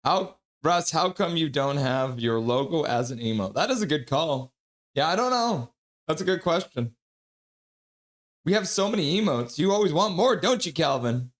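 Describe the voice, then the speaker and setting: A middle-aged man hosts a casual hockey pregame stream. He chats with an upbeat, friendly manner as he greets viewers one by one. His voice sits a little higher than most men's. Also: expressive, moderate pace. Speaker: livestream host reading chat.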